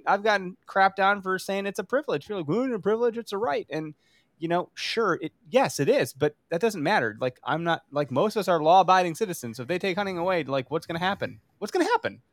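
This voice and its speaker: A man's voice: high voice, dry recording. A man co-hosting a podcast, chatting casually, joking and laughing as he talks. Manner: animated, joking, quick laughs. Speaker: podcast co-host.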